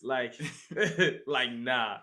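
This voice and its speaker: A man on a podcast telling a story in a lively way and acting out his own reactions. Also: medium pitch, very slow. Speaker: podcast host. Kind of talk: casual storytelling chat.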